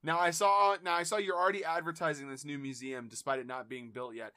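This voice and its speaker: He is a young man co-hosting a podcast who tosses off absurd jokes with a straight face. His voice sits a little high and sounds sharp and bright. The recording is dry and close. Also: little pitch movement, fast, dry recording. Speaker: podcast co-host. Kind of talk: casual comedy podcast banter.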